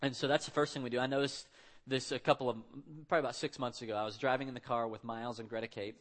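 A man's voice: medium pitch, level tone, rapid-fire. A man in his thirties preaching a sermon in a conversational, storytelling way. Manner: conversational storytelling, acts out quotes. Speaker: pastor.

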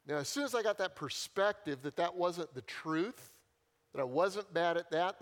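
A man with a fairly high-pitched voice preaching a sermon. He talks in a loose, conversational way, telling stories with self-deprecating humor. He repeats key lines to drive them home. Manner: repeats key phrases for emphasis. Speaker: pastor.

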